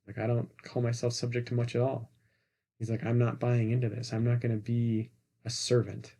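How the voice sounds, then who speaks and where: A man's voice: mid-range voice, normal speed, creaky. Man animatedly retelling movie scenes. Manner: animated storyteller, retells scenes with quoted lines. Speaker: podcast co-host. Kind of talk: casual movie review chat.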